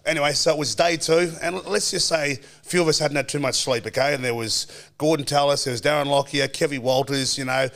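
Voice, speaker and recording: An Australian man in his forties, a former footballer, telling animated stories as a podcast guest and acting out quoted voices. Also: a little high, fairly quick, vocal fry, few pauses. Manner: animated storyteller, acts out quoted voices, laughs often. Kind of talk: casual storytelling chat.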